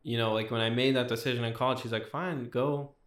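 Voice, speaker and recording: Twenties guy telling his story on a podcast, flat delivery, says like a lot, roomy echo. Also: medium pitch, rapid-fire. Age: 20s. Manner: rambling, heavy use of "like" and "you know". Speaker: podcast guest. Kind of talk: testimony in casual chat.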